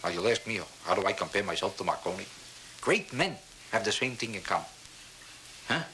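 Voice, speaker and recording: Fast-talking stand-up comic, deadpan boasts. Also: male voice, lowish voice, a little hiss or hum, low-quality recording. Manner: deadpan boastful delivery with mock-serious asides. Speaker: stand-up comedian. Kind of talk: stand-up routine. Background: audience laughter.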